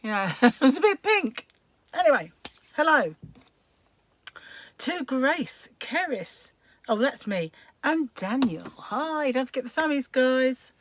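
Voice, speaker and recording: A middle-aged woman, slightly hoarse and croaky, chatting casually on a live stream, rambling and greeting viewers by name. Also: sits high, very animated, slow, long pauses, a little hiss or hum.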